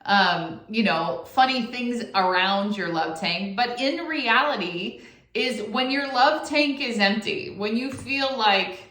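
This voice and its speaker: A middle-aged woman, hosting her own channel in a chatty, expressive way and acting out little quotes. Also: on the high side, takes it slowly. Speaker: YouTube host. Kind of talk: casual to-camera talk. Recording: echoey room.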